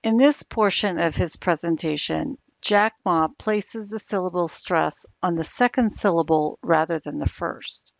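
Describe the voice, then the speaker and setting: A woman explaining English pronunciation slowly and deliberately, like a coach. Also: fairly low pitch, creaky, no room sound. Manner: slow, deliberate, instructive. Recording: dull, lo-fi sound.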